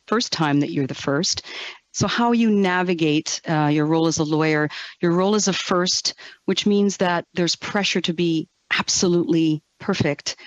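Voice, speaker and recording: A woman's voice: fairly low pitch, dry recording. A woman senator asking earnest, searching questions at a hearing over a remote video call. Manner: earnest, searching, restarts phrases. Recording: muffled, dry remote audio.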